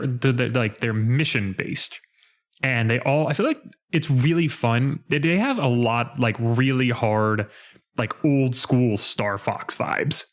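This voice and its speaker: A man co-hosting a podcast, talking about a video game in an easygoing way, hedging with lots of "like" and "kinda". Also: mid-range voice. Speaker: podcast co-host. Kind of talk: casual game discussion.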